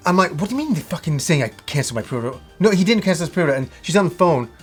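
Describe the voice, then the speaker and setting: Game vlogger guy ranting about a bad store trip, voice a bit high, swears a lot, acts out who said what, light music in back. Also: very fast, breathy edge. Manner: animated retelling with swearing and acted-out dialogue. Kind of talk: casual storytelling rant.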